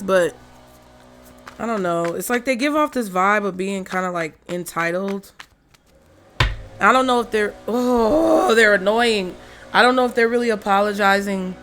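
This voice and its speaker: A woman's voice: mid-range voice, a bit bright. A woman giving a casual tarot reading at home, chatting, swearing freely and thinking aloud as she turns the cards. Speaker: tarot reader. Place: room at home with a window open. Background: faint street and traffic noise.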